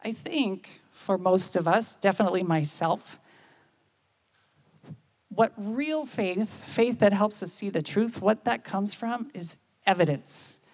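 A woman, giving a conversational sermon and often checking in with listeners with quick questions. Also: mid-range voice, animated, darkish tone. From United States. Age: 50s. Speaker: speaker at church.

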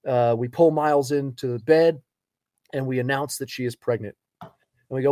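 A man in his thirties co-hosting a podcast, telling family stories in a casual, animated way and laughing along. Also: mid-range voice, normal speed, pauses often, dry recording. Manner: animated storyteller, laughs through his anecdotes. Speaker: podcast co-host. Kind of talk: casual chat.

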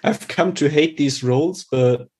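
Man player, slow and husky, dry wry humor in casual tabletop play. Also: a little high, a little mellow. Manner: dry, wry, laughing at his own failures.

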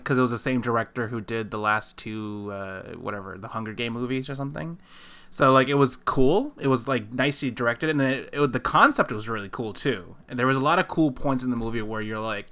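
A man co-hosting a podcast rambles through casual chat in a mid-range, slightly bright voice. He laughs often and is full of fillers and restarts.

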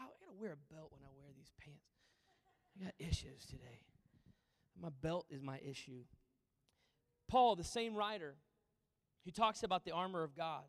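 A man preaching a sermon as pastor, moving between loud emphatic lines and hushed, almost whispered ones. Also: high voice. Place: church auditorium. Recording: long reverb of a large hall.

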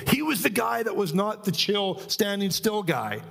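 A middle-aged man preaching a sermon in church, emphatic and animated, often asking the congregation questions. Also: sits high, moderate pace, gravelly.

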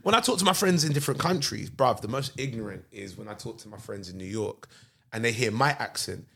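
A man with a London accent, hosting a podcast and telling stories in animated, slangy casual chat. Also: fairly low pitch, brisk, gravelly. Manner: animated storytelling with slang like bruv. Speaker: podcast host.

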